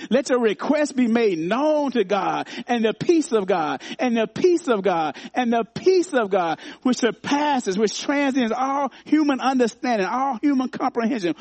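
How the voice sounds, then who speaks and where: A high-voiced man delivers a sermon, circling back to key phrases again and again in a rhythmic preaching cadence. The sound is dry and close, with little room echo. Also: darkish tone. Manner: repeats phrases for emphasis, rhythmic call to the congregation. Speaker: pastor. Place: church.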